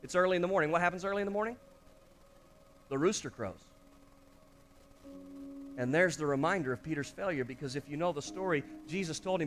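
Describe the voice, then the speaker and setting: A man's voice: fairly high pitch, fairly quick, pauses often, a bit bright, soft background music. A male pastor preaching an impassioned sermon, often calling out to the congregation.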